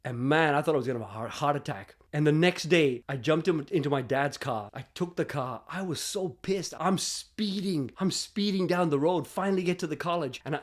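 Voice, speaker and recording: A man telling a personal story to camera, acting out the dialogue with big swings in loudness. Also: a little high. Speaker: relationship coach and vlogger.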